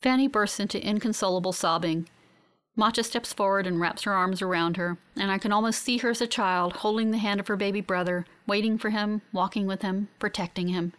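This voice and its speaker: A woman giving steady, reflective first-person audiobook narration. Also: medium pitch, fairly quick, clean tone.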